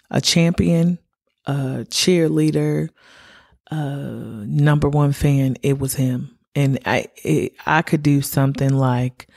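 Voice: mid-range voice, gravelly. A podcast host talking openly and from the heart in a personal monologue, rambling with many "like"s.

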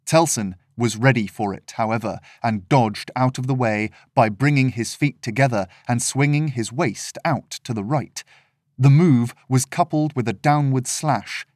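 A man reading his own fantasy story aloud as writer and narrator, in measured, expressive storytelling. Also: medium pitch, no echo, clean studio sound. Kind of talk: scripted narration.

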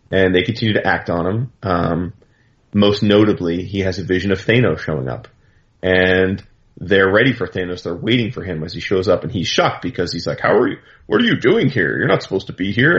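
A man's voice: fairly low pitch, highs cut off. A man recapping a comic book story in casual, rambling talk full of fillers and asides. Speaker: comics commentator.

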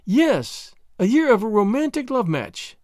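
Reading an audiobook, a man performs a full character voice for a witty, bored young French noblewoman who is merry and teasing. He pitches extremely high, above his own voice, sing-song, unhurried, and a little mellow, with an arch, merry mood. The recording is dry and studio quality.

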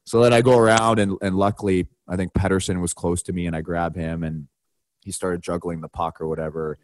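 Man, podcast co-host, casual storytelling, lively pitch swings, casual swearing, lowish voice, dry close sound. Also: brisk, dry recording. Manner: animated, swings his pitch widely when retelling. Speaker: podcast co-host and hockey broadcaster.

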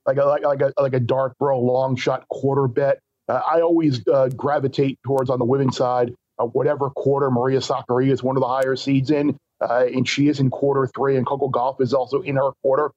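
A man's voice: mid-range voice, flat delivery, fairly quick, few pauses, a little mellow, no room sound, dull audio. A man joining a betting talk show as a guest, talking in a stop-start way and repeating words as he thinks. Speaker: guest sports bettor.

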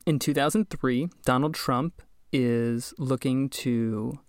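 A man hosting a podcast, telling a story in casual chat, wry and quick to laugh. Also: medium pitch, darkish tone, no room sound, studio quality. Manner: chatty, wry, laughs often. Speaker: podcast host.

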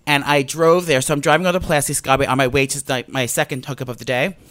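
A man's voice: medium pitch, steady tone, fast, a bit bright, dry recording. A man, telling a rambling, campy story in casual chat as a guest. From New Jersey.

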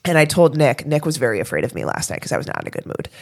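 A woman co-hosts a podcast in loose, conversational chat. Her voice sits low but swings widely as she tells a story, full of animated, chatty energy. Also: racing. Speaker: podcast co-host.

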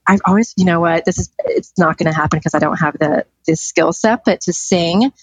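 A woman's voice: lowish voice, brisk, husky, low-quality recording. A middle-aged woman chatting as a podcast guest, telling stories in an enthusiastic, free-flowing way. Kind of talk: casual interview chat.

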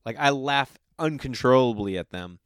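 A man in his thirties hosts his own comedy podcast in a casual storytelling monologue. He speaks loosely and with plenty of profanity, and he acts out the people he quotes. His voice sits at an ordinary pitch, and the recording is close and dry. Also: lively intonation, normal speed, clear, resonant tone, no echo.

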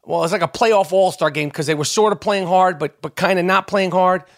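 A man's voice: sits high, fairly even intonation, a little fast, dry recording, clean studio sound. A middle-aged man hosting his own podcast, ranting in a heated, profane, rambling way with lots of stammered restarts. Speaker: podcast host. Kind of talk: ranting monologue.

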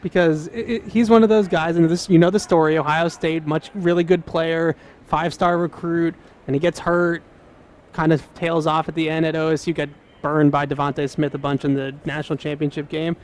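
A man co-hosting a live show, analyzing players in a measured, thoughtful way. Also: on the high side, flat delivery. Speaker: podcast co-host. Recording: faint background noise.

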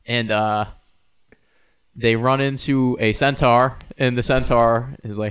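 A man's voice: medium pitch, level tone, normal speed, fairly bright tone, clear, resonant tone. A man co-hosting a podcast, casually improvising a silly story and laughing.

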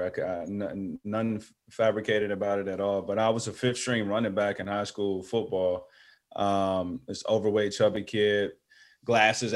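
A man with a low voice tells a story in an interview. He is animated and acts out the voices of his friends as he goes. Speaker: guest.

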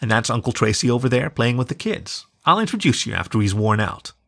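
A man voicing a young mother dog who talks in a bright, teasing way. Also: medium pitch, sing-song, fairly quick, gravelly. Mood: fond.

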